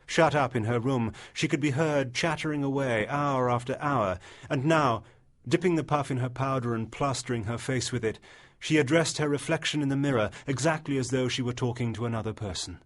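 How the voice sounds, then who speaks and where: A man narrating a literary short story as an audiobook, in a measured storytelling manner. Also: medium pitch.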